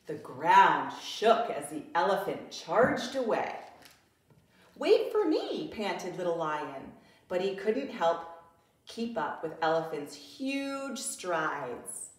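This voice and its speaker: Expressive woman reading to young children. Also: fairly low pitch. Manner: slow, expressive, with gasps and questions to children. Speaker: preschool teacher. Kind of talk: children's read-aloud. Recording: very echoey room, distant mic.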